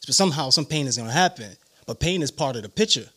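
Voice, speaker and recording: A man from New York with a New York accent, a guest telling his life story in an animated way. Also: mid-range voice, fast talker, husky. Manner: animated storyteller, acts out quotes. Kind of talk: casual interview storytelling.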